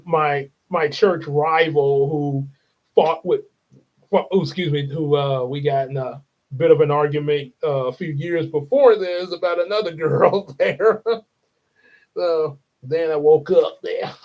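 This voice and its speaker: A young man rambles through a casual livestream, chuckling often. His voice sits a bit high and moves slowly. The audio is dull and lo-fi. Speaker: livestream host.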